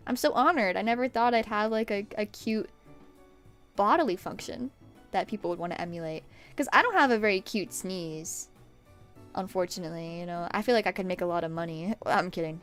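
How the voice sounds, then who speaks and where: A sick young woman streaming from her desk at home, rambling casually and swearing, with sudden loud yelps. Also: medium pitch, lively intonation, a little fast, faint music behind. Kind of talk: casual chat while painting nails.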